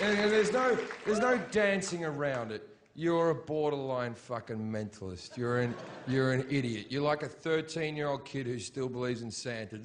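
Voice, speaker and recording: A man's voice: medium pitch, heavy background noise. A man doing a live stand-up routine on stage, ranting in a profane, sarcastic way. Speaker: stand-up comedian. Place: live stage show in Britain.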